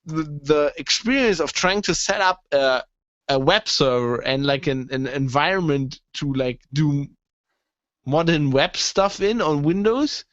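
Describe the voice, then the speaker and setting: A man's voice: on the high side, unhurried, a bit bright, dry recording. A man co-hosting a podcast in casual chat, peppering his talk with "like" and swearing offhandedly. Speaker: podcast co-host. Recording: dull lo-fi dry podcast audio.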